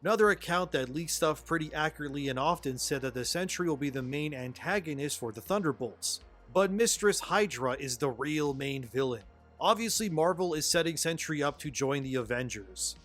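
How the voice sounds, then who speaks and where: A man delivering a scripted commentary with plenty of sarcasm and weary exasperation. His voice sits slightly higher than most men's, and faint music plays underneath. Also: expressive, brisk, a bit bright. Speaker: commentary video narrator.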